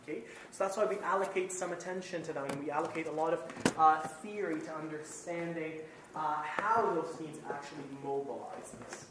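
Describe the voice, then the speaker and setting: A man's voice: a little high, normal speed. A man lecturing to a live class, explaining step by step and checking in often with "okay?" and "right?". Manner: repeats and rephrases points while thinking aloud. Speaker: university lecturer. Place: classroom with students present. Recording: very echoey room, distant mic, faint room noise.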